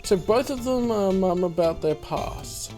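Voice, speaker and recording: Brief: woman, let's play host, unhurried chatty commentary, faint music under. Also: medium pitch, expressive. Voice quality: chatty, amused asides. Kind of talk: casual game commentary, reading dialogue aloud.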